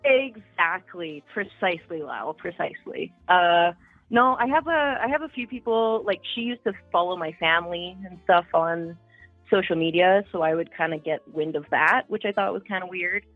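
A woman's voice: lowish voice, animated, normal speed, no echo, soft background music. A young woman with a Canadian accent calls in over a tinny, phone-like line. She talks candidly and chattily, and the sound is dry. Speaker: caller. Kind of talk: casual phone-in chat.

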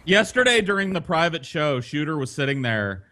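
A man chatting on a podcast in an animated, excitable way. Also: on the high side, normal speed. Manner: animated, excitable, laughing while cursing. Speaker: podcast guest. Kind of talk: casual chat.

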